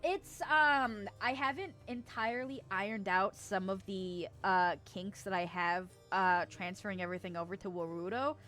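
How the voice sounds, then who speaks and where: A woman's voice: mid-range voice, moderate pace, few pauses, a bit bright, soft background music. A young adult woman streaming and casually chatting as she reads chat, bubbly and giggly with playful squeals.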